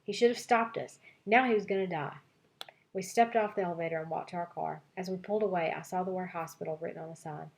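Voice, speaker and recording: A woman's voice: on the low side, fast talker, creaky. Woman reading a children's novel aloud. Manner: expressive storytelling, voicing several child narrators.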